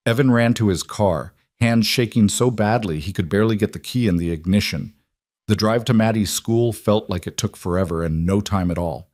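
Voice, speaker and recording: A man narrating a scripted drama story in a measured, even way. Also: lowish voice, no echo, studio quality.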